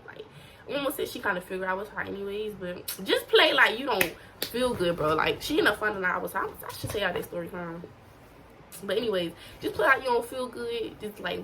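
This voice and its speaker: A woman's voice: mid-range voice, fairly bright tone, slight background noise, rough recording. A teenage girl giving casual, profane tips to her viewers in a blunt, slangy way. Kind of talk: casual to-camera advice.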